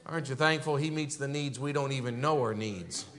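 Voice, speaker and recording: Pastor full of "and, uh" fillers. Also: male voice, brisk. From northern United States. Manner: frequent "and, uh" fillers, grows louder and higher when exhorting. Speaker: visiting pastor. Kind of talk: church pulpit greeting and testimony. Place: church sanctuary.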